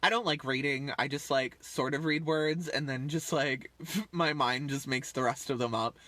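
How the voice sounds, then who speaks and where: A man in his thirties hosts a livestream, rambling casually and chattily, packing in fillers and often trailing off. His medium-pitched voice has a sharp tone at normal speed, and the recording is dry.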